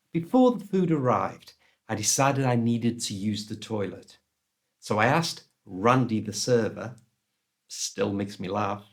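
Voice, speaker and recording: A man with a British accent teaches English through a story told straight to the viewer. He speaks slowly and carefully, with a voice that moves lively between high and low notes. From United Kingdom. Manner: slow, deliberate delivery with lively ups and downs. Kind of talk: storytelling lesson to camera.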